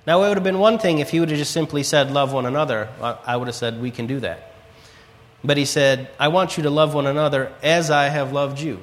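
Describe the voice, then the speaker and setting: A man's voice: on the high side, steady tone, brisk, in a large hall. A man preaching a sermon, earnestly telling a story and quoting scripture. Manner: earnest storytelling, quotes scripture and his own prayers.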